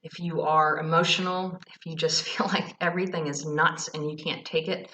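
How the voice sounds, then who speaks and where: A woman's voice: low-pitched, little pitch movement, moderate pace, bright, forceful tone, echoey room, slight background noise. A woman and Reiki host talks through spiritual advice in a frank, earnest way, with loose fillers and the odd curse word. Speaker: Reiki practitioner and vlog host. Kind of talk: casual spiritual advice monologue.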